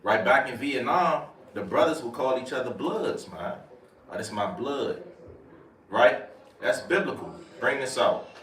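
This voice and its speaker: A man's voice: mid-range voice, animated, normal speed, fairly bright tone. A man teaching scripture in a casual preaching style, repeating verses and asking "right?" after each point. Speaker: teacher leading scripture study. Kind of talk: street-preaching bible lesson. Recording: echoey room, mic far off, faint noise.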